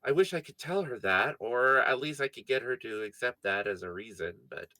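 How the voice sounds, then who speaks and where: A man playing an earnest, gravelly adventurer. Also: medium pitch, expressive, normal speed, sharp tone, dry recording. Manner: earnest, heartfelt confession, slightly slurred. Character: earnest young male adventurer, blunt, devoted to a friend. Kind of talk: tabletop role-play character voice.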